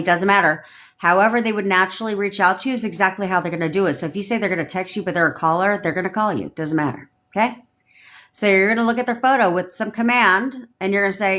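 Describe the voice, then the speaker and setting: A woman's voice: medium pitch, lively intonation, fairly quick, a bit bright. A woman manifestation coach on a livestream, ranting bluntly with lots of swearing and repeating commanding affirmations.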